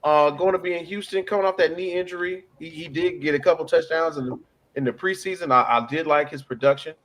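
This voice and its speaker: A man's voice: a little high, fairly even intonation, fast, a bit bright. A man hosting a casual sports chat, joking around and building hype as he makes his picks. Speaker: host.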